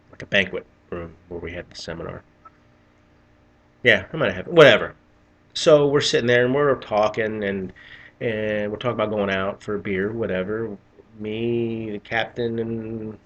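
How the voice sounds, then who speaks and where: A man's voice: on the low side, fairly bright tone. A middle-aged man telling a rambling, profane story in a casual vlog, often restarting his sentences. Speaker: vlogger.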